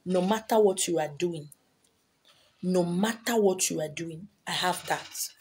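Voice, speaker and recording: A woman's voice: fairly low pitch, a little slow, a little mellow, slight background noise. A woman with a Nigerian accent, a spiritual teacher lecturing her viewers in a monologue, emphatic and repetitive, scolding them with rhetorical questions. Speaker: spiritual teacher selling handouts.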